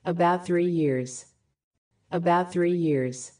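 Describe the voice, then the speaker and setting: Woman reading English phrases, mellow. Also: fairly low pitch, slow. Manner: clear, careful, each phrase said twice. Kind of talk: slow repeated phrase reading for learners.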